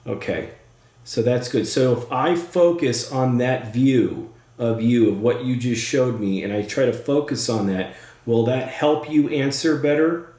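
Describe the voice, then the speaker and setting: A man's voice: medium pitch, unhurried, dark tone, echoey room. A man working as a psychic medium who speaks to a spirit during a session. He is eager and thinks aloud, with plenty of fillers.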